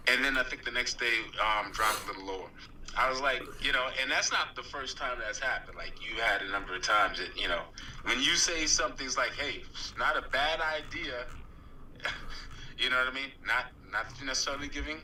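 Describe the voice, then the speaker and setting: A man's voice: fairly low pitch, sharp tone. A man co-hosting a casual trading chat, eager and rambling, full of "you know". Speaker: co-host. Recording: roomy echo, far from mic, faint noise.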